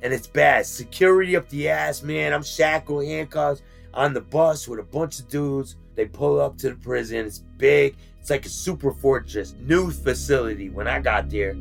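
A man casually telling about his time in prison, in street slang, with animated retelling. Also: medium pitch, normal speed, creaky, faint music behind. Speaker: former inmate telling his story. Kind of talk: casual storytelling.

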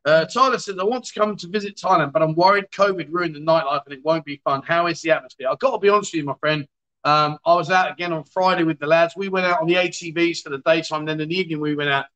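A man's voice: on the high side, fast talker, a bit bright, rough recording. A man hosting a casual livestream, reading out viewer comments with jokey, exasperated asides. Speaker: livestream host.

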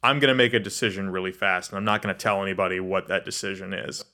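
A man's voice: deep voice, fast talker, pushed and bright. A man running a tabletop role-play game as game master, narrating scenes. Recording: echoey hall with faint music.

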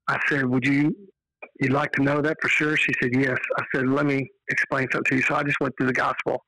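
Man, Texan accent, earnest storyteller, bright tone, dry close sound. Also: medium pitch, fast talker, no echo, low-quality recording. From Texas. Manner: earnest, animated storyteller who quotes dialogue. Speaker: podcast guest, evangelist. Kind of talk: casual storytelling on a podcast.

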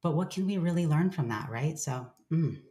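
This woman has an unusually deep, low voice. She talks openly and reflectively as an interview guest. She swears offhandedly and slips into playful voices when quoting her own self-talk. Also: animated, moderate pace, mellow. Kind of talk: candid conversational sharing.

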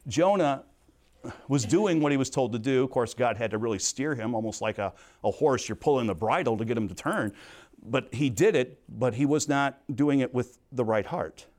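A middle-aged man teaching a sermon in earnest, storytelling fashion, moving between soft asides and emphatic points. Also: medium pitch, animated, moderate pace. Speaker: Bible teacher.

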